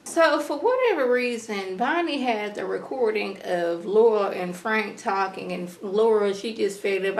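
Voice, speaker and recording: A woman recapping a TV episode in an animated, slangy way, acting out characters as she goes. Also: medium pitch, measured pace, few pauses, reverberant. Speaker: TV episode reviewer. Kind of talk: casual TV recap vlog.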